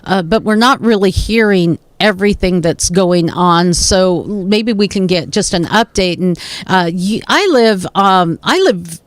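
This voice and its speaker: A woman hosting a news podcast, telling stories in an animated, casual way. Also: on the low side, unhurried, hardly any pauses, no room sound. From Seattle area. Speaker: podcast host.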